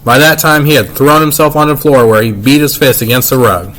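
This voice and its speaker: A man reading a children's novel aloud in first-person narration, unhurried and plain. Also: mid-range voice, a bit bright. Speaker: reader.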